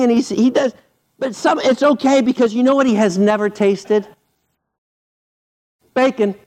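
Guy preaching a sermon, higher pitched voice, jokey storytelling, gets loud then goes quiet. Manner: animated, playful storytelling with sudden loud and quiet turns. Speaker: pastor.

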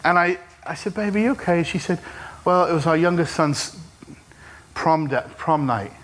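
A middle-aged man preaching a sermon to a church congregation, animated and humorous, with call-and-response. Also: fairly high pitch, a little slow. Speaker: pastor. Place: church service.

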